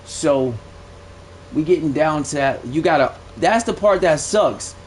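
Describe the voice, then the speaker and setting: A man's voice: fairly high pitch, expressive, unhurried, a little hiss or hum. A young man streaming a game live, giving blunt, profane play-by-play commentary that swings into aggravation. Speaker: gaming streamer.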